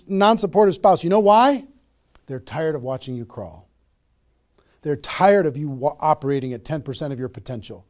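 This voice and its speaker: A man with a noticeably high speaking voice delivers a sales training talk. He hammers home his points by repeating phrases and keeps checking in with his listeners. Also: warm tone. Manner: emphatic, repeats key phrases, frequent "okay?" check-ins. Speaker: network marketing trainer.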